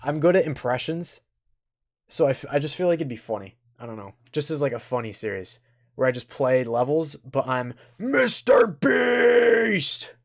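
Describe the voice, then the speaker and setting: A man's voice: mid-range voice, brisk, darkish tone, no echo, clean studio sound. Chatty young male game streamer. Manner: chatty, joking, talks to himself and chat. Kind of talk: casual livestream chat while playing.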